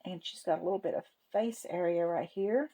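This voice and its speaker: A woman's voice: fairly low pitch, fairly quick, warm tone, low-quality recording. A woman hosting a savings vlog, chatting in a folksy, homey way and counting money aloud to herself. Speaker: savings channel host. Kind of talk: casual cash-stuffing vlog narration.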